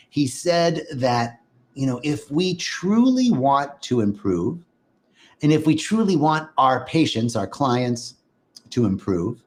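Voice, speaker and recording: A middle-aged man teaching on a live stream, greeting viewers by name and speaking in a gentle, sing-song way. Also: medium pitch. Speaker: livestream host and spiritual teacher.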